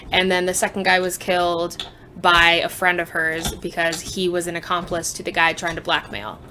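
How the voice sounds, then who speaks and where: A woman's voice: lowish voice, bright, forceful tone, slight background noise. A young woman chatting casually about books she has read, joking and sarcastic, with frequent asides. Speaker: book vlogger. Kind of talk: casual book review chat.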